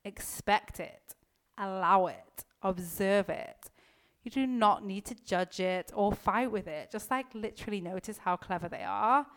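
A woman's voice: mid-range voice, a little slow. A woman mindset coach in casual motivational talk, chatty and filled with "like", emphatic and direct with the listener, swearing now and then. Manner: chatty, heavy use of "like", occasional swearing.

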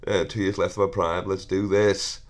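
A man's voice: low-pitched, little pitch movement, normal speed, noisy background. A thirty-year-old man, hosting a podcast and telling rambling, sweary stories with frequent laughs and self-corrections. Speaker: podcast host. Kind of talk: casual storytelling monologue.

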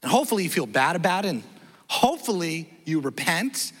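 A man pastor preaching a sermon in a church, telling a story with lively, self-deprecating delivery and acting out the dialogue. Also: on the high side, a little fast, in a large hall. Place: church sanctuary.

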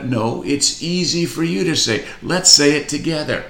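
A man's voice: on the high side, expressive, measured pace, gravelly, hardly any pauses, fairly bright tone, echoey room. A man giving a motivational talk as a coach, repeating a catchphrase and urging listeners to say it with him.

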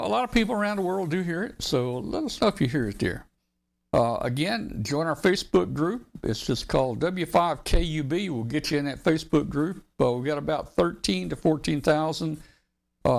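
Southern man, radio show host, gravelly voice, fairly high pitch, folksy rambling talk. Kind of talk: casual radio show hosting.

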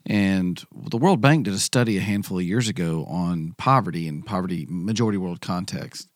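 A man's voice: low-pitched, normal speed, no echo, clean studio sound. A man making a careful point in a casual podcast conversation. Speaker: podcast guest.

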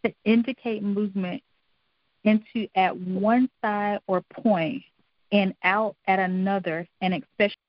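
A woman's voice: medium pitch, steady tone, unhurried, no room sound, muffled recording. A middle-aged woman giving an earnest, encouraging devotional talk, repeating phrases for emphasis. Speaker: devotional speaker.

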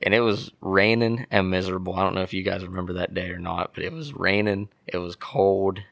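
A young man from Pennsylvania, a podcast guest telling an animated story and acting out what people said. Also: deep voice, brisk, creaky, no echo. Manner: animated storyteller, acts out quotes. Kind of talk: casual storytelling.

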